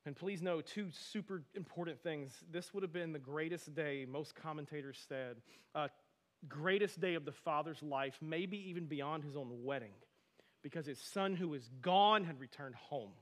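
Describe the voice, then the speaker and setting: A male pastor in his thirties delivers a sermon in a relaxed, conversational way. He tells stories animatedly and breaks off into friendly asides. His voice sits slightly higher than most men's. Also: moderate pace.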